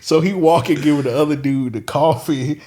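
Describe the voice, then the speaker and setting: A man's voice: a little high, moderate pace, mellow, slight background noise. A man on a casual podcast, telling a long story, swearing freely and laughing as he goes. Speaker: podcast co-host. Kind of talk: casual chat.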